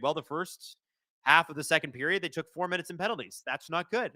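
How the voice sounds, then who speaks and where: A young man hosting a live watch-along of a hockey game, calling the plays fast and shouting at the referees. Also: on the high side, no echo, clean studio sound. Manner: excitable, shouts and swears at the referees.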